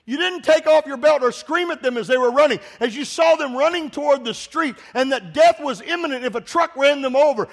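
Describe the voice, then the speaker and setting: A man preaching a sermon in a church, impassioned and swelling into shouts, putting direct questions to the congregation. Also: very high-pitched, a little fast, hardly any pauses. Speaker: pastor.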